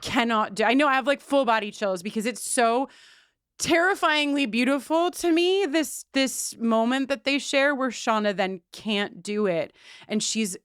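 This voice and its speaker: A woman's voice: on the high side, unhurried, a bit bright, smooth, dry recording, studio quality. A woman co-hosting a podcast, talking earnestly in a casual, emotional way, with many restarts and fillers. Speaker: podcast co-host.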